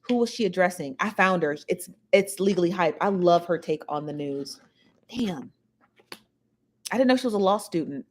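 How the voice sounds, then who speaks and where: A woman's voice: fairly low pitch, expressive, moderate pace. A woman hosting a casual livestream, rambling and chatty as she talks straight to her viewers. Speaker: show host.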